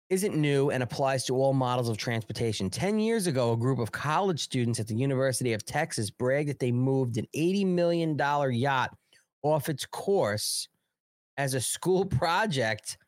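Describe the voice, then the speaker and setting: The live show host is an American man with a mid-range voice who speaks animatedly at a normal speed. He reads news on his stream, pausing to chat with and thank viewers in rambling, profane, casual commentary. The sound is dry and clean, like a studio.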